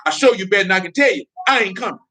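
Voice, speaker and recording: A man's voice: high-pitched, racing, bright, forceful tone. A male preacher giving a fiery sermon in blunt, confrontational street talk, prodding listeners with repeated questions and laughing between points. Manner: blunt, confrontational, repeats "you know what I'm talking about".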